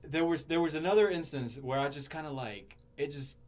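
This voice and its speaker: A man's voice: on the high side, fairly quick. Earnest rambling young man host. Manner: rambling, earnest, many fillers and restarts. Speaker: podcast host. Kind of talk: casual chat.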